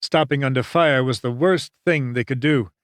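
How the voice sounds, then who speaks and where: A man narrating an audiobook in a measured, dramatic storytelling manner. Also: mid-range voice, no room sound, studio quality. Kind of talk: scripted narration.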